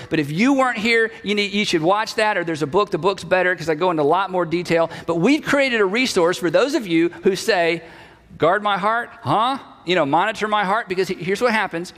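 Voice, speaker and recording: A man's voice: high voice, a bit bright, long reverb tail. A male pastor giving a conversational sermon, acting out short bits of inner dialogue.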